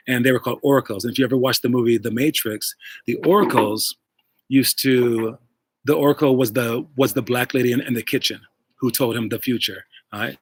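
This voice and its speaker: A man's voice: mid-range voice, steady tone, a little fast, slightly rough. A man hosting a casual livestream about basketball, coaching and talking in a rambling way with many fillers, speaking into wireless earbuds. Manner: rambling, filler-heavy, addresses viewers directly. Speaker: basketball coach and show host.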